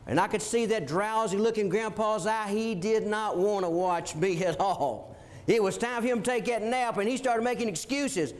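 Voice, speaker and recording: A man in ministry telling an animated childhood story, often chuckling. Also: high-pitched, normal speed. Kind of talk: storytelling testimony.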